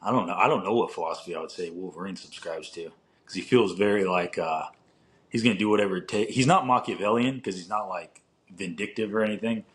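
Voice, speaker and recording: A man's voice: low-pitched, fast. A young man co-hosting a podcast in casual chat, rambling with lots of filler words and casual swearing. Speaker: podcast co-host.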